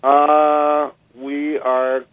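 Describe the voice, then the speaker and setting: Animated man telling stories over a phone line. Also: a little high, extremely slow, no room sound. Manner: animated storyteller, lots of restarts and asides. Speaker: guest musician. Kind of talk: casual anecdote-telling interview. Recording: dry tinny phone line.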